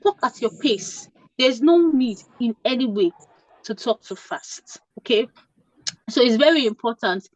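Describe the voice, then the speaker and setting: A high-pitched woman from Nigeria coaches nurses through interview prep in an emphatic, repetitive way, often checking in with "okay?". The recording sounds dry and a little dull. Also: animated, measured pace, no room sound. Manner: emphatic, repeats points, asks "okay?". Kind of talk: informal advice talk.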